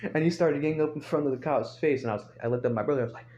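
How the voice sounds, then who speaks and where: A man's voice: on the high side, racing, a little mellow. A young man telling a rambling, profane story in casual speech, recorded on a phone. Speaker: storyteller vlogger. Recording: dull lo-fi phone audio.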